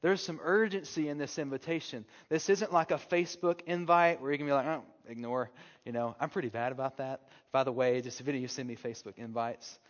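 A man preaching a sermon as pastor, moving from hushed, slow passages to loud, urgent calls. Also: mid-range voice, steady tone. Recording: dull long-reverb hall sound.

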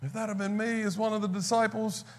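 A man with a high voice preaches a sermon. He talks in a conversational way and acts out the words of figures from scripture as he goes. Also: little pitch movement, quick pace.

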